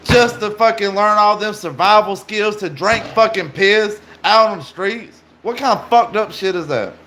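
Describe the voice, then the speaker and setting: A male livestreamer with a slightly raised pitch, bantering with his chat. He jokes loosely, swears freely and talks to viewers directly. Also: moderate pace, bright, forceful tone, slight background noise. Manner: profane, joking banter with viewers.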